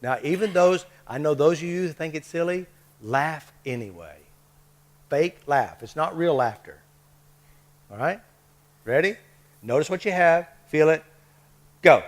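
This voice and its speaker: A man's voice: a little high, lively intonation, unhurried, pauses often. A man leading a live workshop, coaxing the group with short repeated prompts and checks. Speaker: workshop leader.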